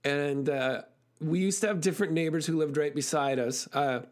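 A man giving a motivational talk who tells stories in quick, animated bursts with frequent fillers. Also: fairly high pitch. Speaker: speaker.

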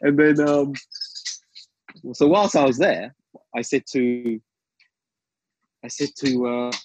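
This guest has a husky, mid-range voice and a slow pace. He meanders through a long anecdote in casual storytelling, often saying um and restarting, and livens it with quoted asides. The recording is rough, with no room sound.

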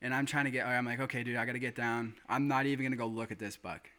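A man telling a hunting story in casual chat, excited and swearing now and then. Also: medium pitch, fast talker.

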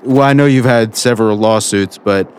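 A man's voice: lowish voice, moderate pace, a little mellow, clear, resonant tone. Easygoing male call-in show host. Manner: mediating, easygoing, hesitant. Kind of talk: casual talk radio.

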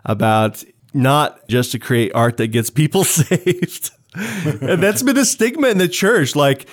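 A man's voice: on the high side, lively intonation, a little slow. A man co-hosting a faith podcast, talking casually and laughing easily. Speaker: podcast co-host. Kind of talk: casual chat.

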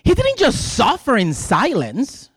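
An impassioned sermon from a Puerto Rican-accented man in his thirties whose first language is Spanish. His voice swings widely in pitch as he leans on rhetorical questions and emphatic repeats. The sound is dry and close, with no room around it. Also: huge pitch swings, a little slow, breathy edge, no room sound. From Puerto Rico. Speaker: lay preacher addressing a congregation.

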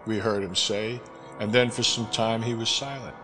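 A man narrating an audiobook in a measured, expressive reading. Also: fairly low pitch. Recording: reverberant with background music.

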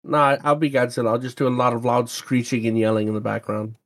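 A man co-hosts a gaming podcast with easy, teasing banter and frequent laughs. His voice sits at a middle pitch. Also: level tone, fast, a bit bright. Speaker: podcast co-host. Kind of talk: casual gaming podcast chat.

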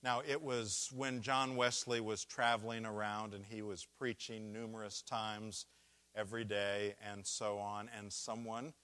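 A man's voice: lowish voice, little pitch movement, sharp tone. A man preaching a sermon, walking through a scripture passage and leaning hard on key words. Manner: slow, deliberate preaching with stressed key words. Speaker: pastor.

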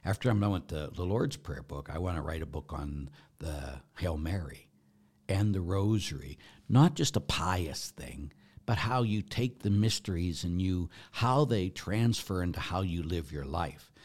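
A middle-aged priest preaches with a folksy, joking warmth. His fairly low voice swings widely in pitch, rising into loud, emphatic bursts and then dropping back down. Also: animated, unhurried. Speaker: Catholic priest. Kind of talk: informal preaching talk.

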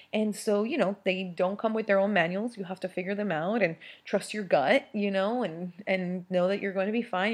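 A young adult woman, a mother of twins, talking casually and candidly about parenting, with lots of fillers and frequent laughs. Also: mid-range voice. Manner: chatty and candid, many fillers, laughs often. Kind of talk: casual monologue.

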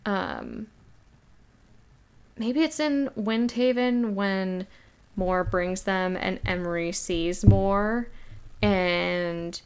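A woman's voice: mid-range voice, extremely slow, pauses often, darkish tone, clean tone. A woman co-hosting a casual book discussion, rambling with many fillers and restarts. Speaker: podcast co-host.

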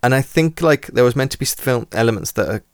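A man's voice: medium pitch, lively intonation, fast, smooth, dry recording, studio quality. A man chatting casually about old horror films, rambling with lots of fillers and restarts. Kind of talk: casual film podcast chat.

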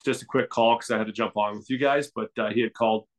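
A man's voice: on the low side, steady tone, quick pace. A man co-hosting a podcast in casual chat, rambling along with frequent restarts and filler words. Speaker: podcast co-host.

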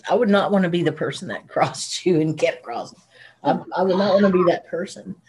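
A woman co-hosting a podcast who tells stories in a lively way and laughs often. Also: lowish voice, brisk, background noise. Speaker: podcast co-host. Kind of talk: casual chat.

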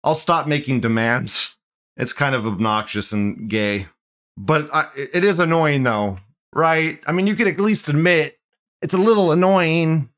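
A man's voice: a little high, unhurried, a bit bright. A man in his thirties hosting a casual live commentary show. He swears a lot, laughs often, and drags out mocking words. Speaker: livestream show host.

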